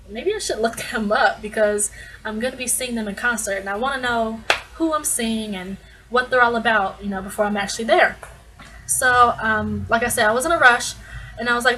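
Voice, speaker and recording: A woman's voice: fairly high pitch, sharp tone, low-quality recording. A young woman vlogging casually, telling a story in a bubbly, gushing way with lots of restarts. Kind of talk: casual fan vlog storytelling.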